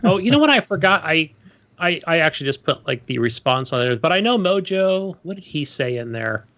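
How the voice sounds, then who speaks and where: A man's voice: on the high side, sing-song, fairly quick, bright, forceful tone, no echo. Dry-joking man from England, dull mic. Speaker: podcast co-host. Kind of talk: casual gaming podcast chat.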